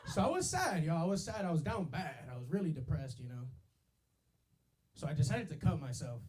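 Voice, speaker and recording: High, lively young stand-up man. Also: brisk. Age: 20s. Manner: loose, slangy, peppered with yo and baby. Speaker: stand-up comedian. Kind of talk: stand-up set. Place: comedy club stage.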